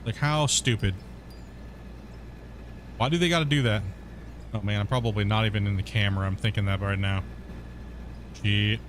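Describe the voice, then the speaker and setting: A man's voice: on the low side, moderate pace, long pauses, background noise. A man streaming a game, chatting casually in a rambling, blunt way and swearing when annoyed. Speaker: gaming streamer. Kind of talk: casual chat.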